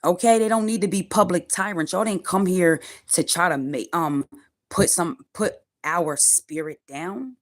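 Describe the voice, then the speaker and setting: Low-voiced woman ranting, profane and defiant. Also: measured pace. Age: 40s. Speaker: livestreamer. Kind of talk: angry livestream rant. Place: in her car.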